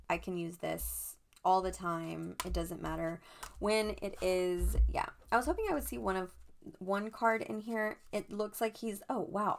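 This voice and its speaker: Gushing woman with a gravelly voice. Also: mid-range voice. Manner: gushing, chatty, excitable. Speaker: tarot channel host. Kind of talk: casual show-and-tell vlog.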